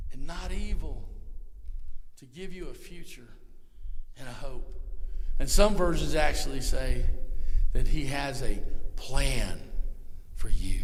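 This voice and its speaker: A man preaching a live sermon in a folksy way, talking straight to the congregation and swinging from hushed to loud. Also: medium pitch, expressive, measured pace, long pauses, a little hiss or hum. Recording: long hall reverb.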